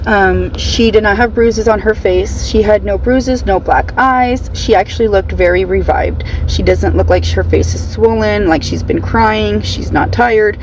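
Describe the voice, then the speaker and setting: A woman's voice: medium pitch, unhurried, hardly any pauses, a little mellow, a little hiss or hum, low-quality recording. A woman telling her followers a story in a chatty vlog style, nervous and often saying "you guys". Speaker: TikToker recounting a jail visit.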